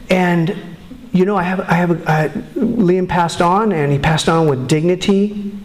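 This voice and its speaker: A middle-aged man shares his personal testimony at a recovery meeting, earnest and candid, stumbling and restarting as he goes. His voice sits a little high for a man. The sound carries the echo of a roomy hall. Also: measured pace. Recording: echoey room.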